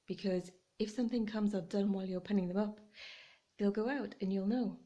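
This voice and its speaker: A woman's voice: mid-range voice, fairly even intonation, brisk, mellow, dull audio. A woman chatting casually in a home vlog while decorating, giggly and talking to her cat, recorded on a camera phone. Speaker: vlogger.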